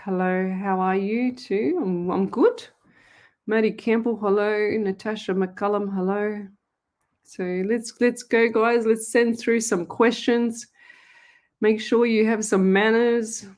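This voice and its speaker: Middle-aged Australian woman, live-stream host, casual and friendly chatter, quick to laugh. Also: medium pitch, darkish tone. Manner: chatty, greets viewers by name, laughs easily. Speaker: psychic medium hosting a live stream.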